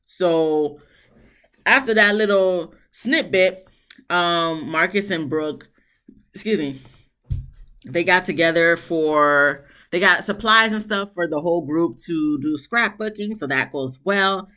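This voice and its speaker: A woman casually recapping a TV episode, chatty and animated, with sarcastic asides. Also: slow. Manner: chatty, animated, mock-quotes people with big pitch swings. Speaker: TV show reviewer.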